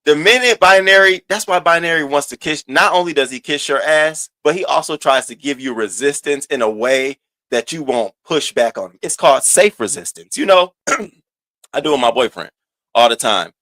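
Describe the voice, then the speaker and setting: A man hosting a casual gossip commentary, animated and profane, swinging between loud outbursts and low asides. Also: no room sound. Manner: sassy, drawn-out emphasis. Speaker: host of a commentary channel.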